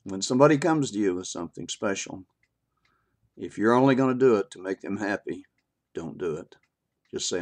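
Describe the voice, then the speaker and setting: An older man with a low voice talks through his opinion in a homespun video monologue. He speaks haltingly, stopping on filler words and restarting his sentences, and chuckles now and then. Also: lively intonation, a little mellow. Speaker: vlogger sharing his opinion.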